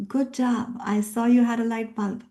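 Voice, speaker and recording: A woman's voice: a little high, steady tone, moderate pace, dark tone. A middle-aged woman coach leading a live workshop, emphatic and repetitive, rallying her group with questions. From immigrant living in Australia. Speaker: NLP coach and workshop trainer.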